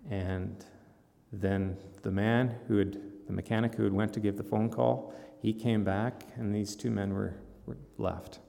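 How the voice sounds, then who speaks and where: A man's voice: lowish voice, steady tone, measured pace, creaky, warm tone, in a large hall. A man preaching a sermon in a church, praying and retelling a story in an informal, conversational way. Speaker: pastor.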